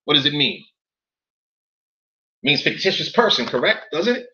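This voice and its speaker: With a slightly high, sing-song voice at a moderate pace, this man works through documents for his audience, sounding bright and edgy. Incredulous and profane, he repeatedly pauses to quiz his viewers. Everything comes through muffled and lo-fi.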